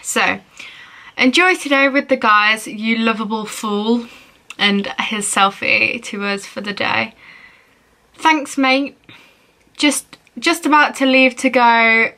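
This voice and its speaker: A woman's voice: a little high, steady tone, slow, gravelly, bright, forceful tone. A young woman vlogging as she plays a phone game, reading messages aloud in a playful, giggly way.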